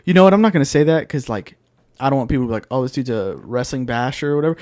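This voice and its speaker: A man in casual podcast chat, excitable and slangy about his opinions. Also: mid-range voice, rapid-fire, no echo. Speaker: podcast co-host.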